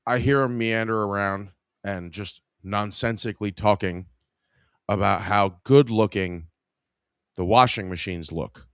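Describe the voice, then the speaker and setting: A man's voice: fairly low pitch, a little slow, a bit bright, smooth, no room sound, studio quality. A man in his forties hosting a live podcast, telling a casual work story in an irreverent, wry way. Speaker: podcast host.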